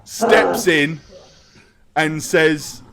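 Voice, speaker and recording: A man's voice: fairly high pitch, steady tone, drawn-out words, vocal fry, a bit bright. A man narrating a tabletop role-playing game as game master, casual and loose with fillers. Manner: casual, with many fillers and laughs.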